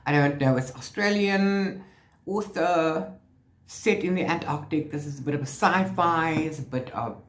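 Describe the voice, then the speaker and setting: Slightly high in pitch and measured in pace, this man vlogs a casual book review, often stopping to correct himself mid-sentence. The recording carries a roomy echo and a little hiss or hum.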